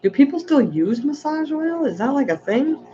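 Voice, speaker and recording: A woman's voice: high-pitched, sing-song, moderate pace, dark tone, highs cut off. Chatty woman rambling on a livestream. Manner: chatty, rambling, reading chat aloud. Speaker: aquarium channel host. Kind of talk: casual livestream chat.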